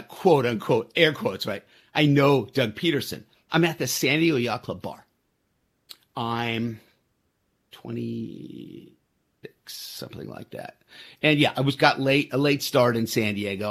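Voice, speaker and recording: A man in his sixties hosting a podcast, telling a story in a rambling, self-deprecating way, with many fillers and restarts. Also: mid-range voice. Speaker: podcast host. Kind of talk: casual storytelling.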